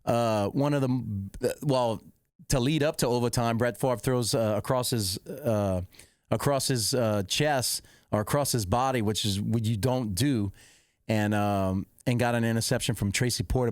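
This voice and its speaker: A middle-aged man, hosting a podcast, rambling and correcting himself as he excitedly recounts a football game. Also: medium pitch, moderate pace, no room sound, studio quality. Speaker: podcast host. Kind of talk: casual storytelling.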